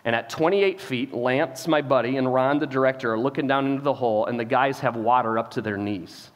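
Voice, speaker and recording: A male pastor telling a story in a sermon, animated, acting out the people he quotes, often repeating words and saying "like.". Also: mid-range voice, brisk, in a large hall. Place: church auditorium.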